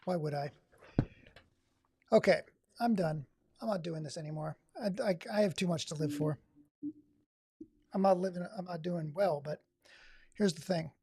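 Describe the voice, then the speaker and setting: A man's voice: on the high side, moderate pace, pauses often, mellow, breathy edge, no echo, clean studio sound. A man from Oregon hosting a live stream, giving sarcastic, exasperated running commentary. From Oregon, USA. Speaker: livestream host.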